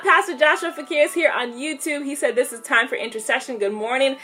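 A woman's voice: high voice, a little fast, bright, forceful tone, soft background music. A woman hosting a live online Bible study. She greets viewers by name, prays and reads scripture in an upbeat, casual way, and laughs easily. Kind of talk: casual livestream devotional with prayer and scripture reading.

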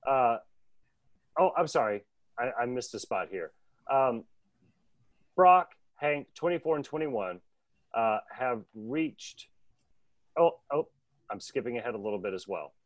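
Give me an animated male podcast host with a dry, close sound. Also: medium pitch, no room sound. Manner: animated, laughing, doing quick voices. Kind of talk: casual chat recapping a cartoon.

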